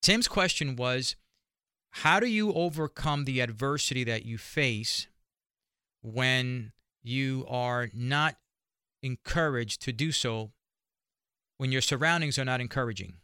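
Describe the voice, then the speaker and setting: Bright, crisp radio host with an accent. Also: male voice, medium pitch, slow, dry recording, clean studio sound. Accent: noticeable accent. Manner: upbeat, encouraging, repeats his appeals. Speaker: radio talk show host. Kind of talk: radio talk show monologue.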